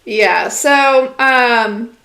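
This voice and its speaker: A woman's voice: a little high, extremely slow, sharp tone, echoey room. A woman giving a casual live-stream channeled message as an intuitive reader, rambling with lots of fillers, talking straight to her viewers and answering their comments.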